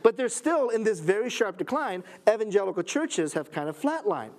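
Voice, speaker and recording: A man's voice: high-pitched, sing-song, moderate pace. A man lecturing a church audience, earnest and emphatic, with wry asides. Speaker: lecturer at a Christian school.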